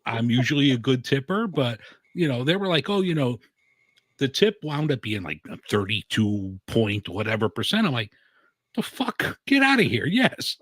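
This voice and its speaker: A man's voice: medium pitch, very animated, normal speed, no room sound. A man hosting a casual talk show, telling rambling stories full of "like" and casual swearing. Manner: rambling storyteller, heavy on filler "like", swears casually. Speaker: show host. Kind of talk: casual chat.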